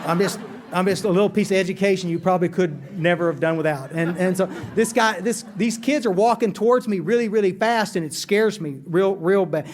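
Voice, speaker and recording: A man telling his recovery story to a meeting, earnest and animated, often repeating words as he goes. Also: high voice, brisk, slight background noise.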